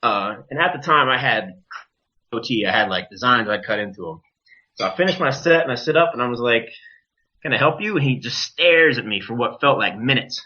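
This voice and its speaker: This guest is a wrestler recounting a story on a podcast, loose and lively, cursing freely and performing the voices of the people he quotes. His mid-range voice moves a little fast over muffled, low-fidelity sound.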